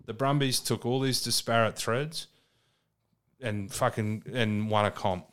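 A man's voice: medium pitch, measured pace, a bit bright, clean tone. An Australian man co-hosting a podcast, chatting casually and bluntly about rugby with lots of swearing. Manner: blunt, sweary, laid-back. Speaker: podcast co-host. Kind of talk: casual sports chat.

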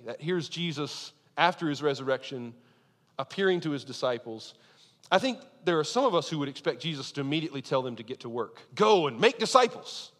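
An earnest male pastor delivers a sermon, slowing for emphasis and leaning into his key lines. His voice sits a little high and swings widely in pitch. The sound carries a long reverb from a large hall. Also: fairly bright tone. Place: church sanctuary.

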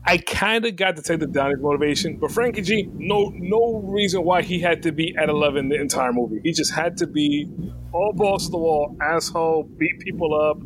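A man from the United States co-hosts a film podcast in a loose, animated way and keeps breaking into raised imitations. His voice sits a little high for a man. A steady noise hangs under the recording. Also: fairly quick. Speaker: podcast co-host. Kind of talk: casual chat about a film.

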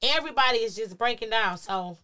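Bright-voiced woman telling a story. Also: a little high, a little fast. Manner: animated, profane, acts out quotes. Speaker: guest telling her story. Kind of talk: casual storytelling on a live stream.

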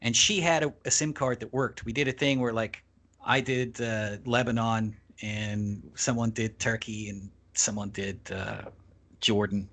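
A man telling a long travel story as a podcast guest, casual and animated, swearing freely and acting out the people he quotes. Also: lowish voice, measured pace.

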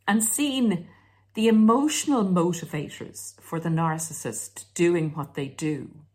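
Woman host chatting advice, low husky voice, bit sarcastic. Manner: sarcastic, acts out mocking quoted voices. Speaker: self-help video host. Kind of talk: casual advice monologue.

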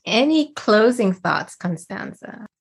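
A woman hosting a health podcast who affirms her guest with short, warm replies and sums up what she hears. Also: mid-range voice, big pitch swings, slow pace, vocal fry, breathy edge. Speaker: podcast host. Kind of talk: interview hosting.

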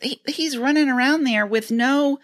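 A woman with a fairly high voice joins a relaxed podcast conversation. She thinks aloud as she goes and often stops to restart her sentences. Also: normal speed, heavy background noise. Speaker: podcast co-host. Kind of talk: casual chat.

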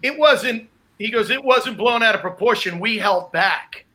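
Casting note: male comic, high bright voice, animated raconteur. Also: a little slow. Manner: animated anecdote telling with laughs. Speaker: comedian. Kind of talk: casual storytelling chat.

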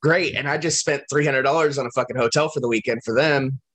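A man's voice: mid-range voice, fast. A man co-hosting a podcast, telling a long travel story in casual, profane chat. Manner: profane, animated anecdote-telling. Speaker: podcast co-host.

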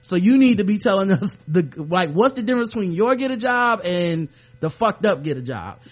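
Sarcastic high-voiced guy on a podcast video call, animated, laughs a lot. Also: brisk. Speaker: podcast co-host. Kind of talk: casual podcast chat. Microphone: webcam on a video call.

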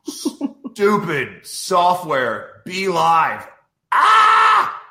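A man's voice: fairly high pitch, expressive, a little slow, sharp tone, echoey room. A man hosting a podcast in a casual live-stream chat, exasperated and ranting over technical trouble. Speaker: podcast host.

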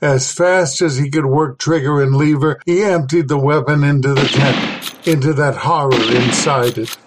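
A man reading a horror story aloud as a podcast host, in a measured, dramatic way. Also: a little high, steady tone, heavy background noise. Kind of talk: scripted horror story narration.

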